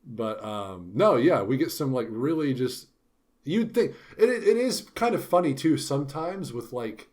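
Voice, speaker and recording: Animated man chatting about a book. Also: medium pitch, moderate pace. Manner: animated, puts on character voices when quoting. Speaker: podcast co-host. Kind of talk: casual book discussion.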